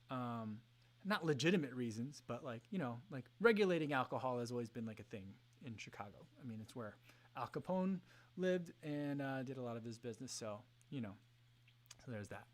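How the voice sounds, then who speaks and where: A man in his thirties hosting a casual livestream, reading chat messages aloud with frequent ums and soft laughs. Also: medium pitch. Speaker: livestream host.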